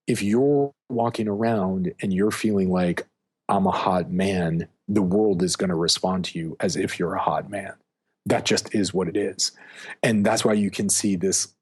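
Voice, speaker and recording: Husky-voiced man, emphatic coach. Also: lowish voice. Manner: emphatic, storytelling, heavy on fillers like "like". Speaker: guest, dating and sex coach. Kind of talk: casual interview talk.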